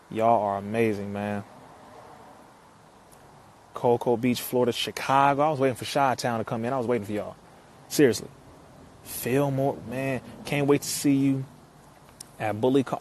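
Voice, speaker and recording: A young man from California, hosting a casual livestream. He energetically reads viewer comments aloud, shouts out their cities, and often laughs between phrases. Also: mid-range voice. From Compton, California. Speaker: live-stream host. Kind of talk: casual live-stream chat.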